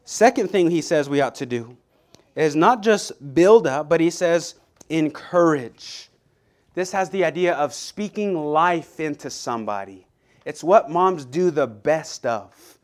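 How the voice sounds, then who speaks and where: A man's voice: a little high, lively intonation. Earnest man preaching a Sunday sermon. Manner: conversational, earnest preaching with frequent restarts; reads scripture aloud slowly and deliberately.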